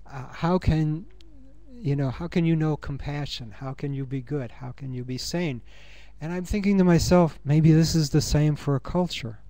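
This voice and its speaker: A man giving a reflective conference talk, earnest and musing, thinking aloud with pauses. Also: medium pitch, dark tone, dry recording. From United States. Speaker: conference speaker. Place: university conference room.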